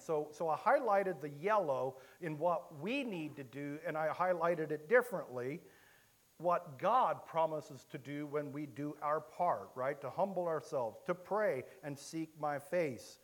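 A man from Illinois preaching a sermon, telling a story with many halting restarts. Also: on the high side, expressive. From Illinois, USA.

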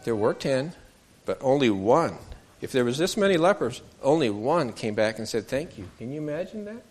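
A man's voice: medium pitch, big pitch swings, normal speed, darkish tone. A man telling a Bible story to children, asking them questions and acting out the voices in the story.

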